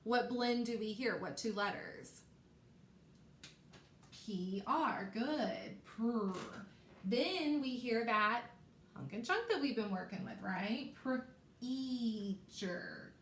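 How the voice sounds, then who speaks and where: A woman teacher giving a phonics lesson to young children, stretching out words slowly and encouraging them. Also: on the high side, expressive, a bit bright. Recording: echoey room, faint background noise.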